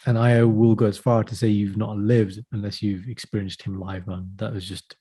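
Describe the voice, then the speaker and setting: A man's voice: fairly low pitch, little pitch movement, moderate pace, mellow, husky. A man, co-hosting a podcast in casual chat and telling stories with enthusiasm. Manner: chatty, enthusiastic storyteller, says "man" a lot. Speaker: podcast co-host.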